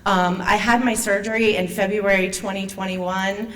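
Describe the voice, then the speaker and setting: A woman in her fifties, president of a patient foundation, nervously telling her own story to an audience, halting and emotional. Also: mid-range voice, steady tone, fairly bright tone. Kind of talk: personal story told to an audience. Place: event venue. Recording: distant mic with faint room noise.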